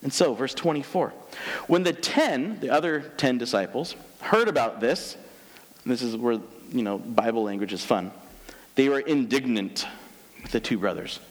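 A man pastor giving a conversational, animated sermon, slowing down to read scripture aloud. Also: mid-range voice. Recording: long hall reverb.

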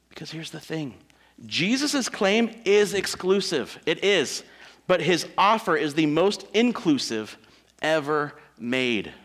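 A male pastor preaching a sermon, emphatic, with dramatic pauses and big swings between loud and soft. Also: a little high, sing-song.

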